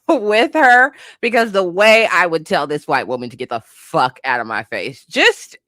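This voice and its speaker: A woman hosting comedic pop-culture commentary, animated and incredulous, swearing freely and breaking into laughter. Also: deep voice, no room sound, studio quality. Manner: animated, incredulous, bursts of laughter, profane asides. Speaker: host.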